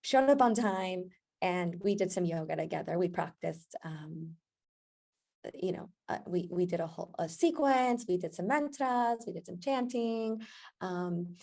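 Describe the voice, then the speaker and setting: A woman yoga instructor telling a personal story as a podcast guest, chatty and animated, often acting out what others said. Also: medium pitch. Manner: animated storyteller, acts out quoted voices, laughs often. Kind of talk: casual storytelling interview. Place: podcast recording.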